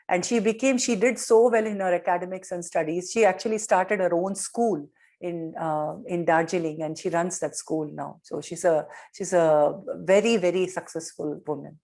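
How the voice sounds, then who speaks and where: A middle-aged woman giving a devotional talk on parenting, gently telling stories and retelling quotes. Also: on the low side.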